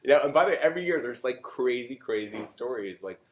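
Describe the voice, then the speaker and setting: A man's voice: mid-range voice, animated, fast, a little hiss or hum. A middle-aged man from Canada, a rabbi giving an informal Torah talk, chatting with many fillers and joking asides. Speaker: rabbi teaching a class. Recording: roomy echo.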